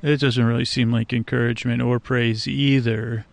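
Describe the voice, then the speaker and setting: A man's voice: mid-range voice, flat delivery, moderate pace, creaky. A man hosting a sleep podcast from a swamp at night, rambling in a meandering, hesitant way with lots of fillers and restarts and a whimsical, playful tone. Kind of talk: rambling, drowsy monologue outdoors at night.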